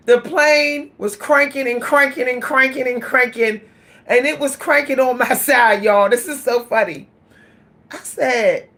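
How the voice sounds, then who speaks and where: A woman vlogger telling a story in casual chat, animated and laughing, talking straight to her listeners. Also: high voice, slow pace, pauses often.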